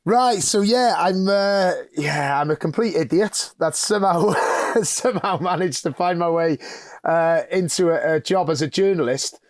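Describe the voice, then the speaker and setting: A man's voice: high voice, normal speed, dry recording, clean studio sound. A middle-aged man from North Wales with a Welsh accent, chatting casually as a podcast guest, self-deprecating and full of fillers. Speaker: podcast guest, football journalist. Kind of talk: casual chat.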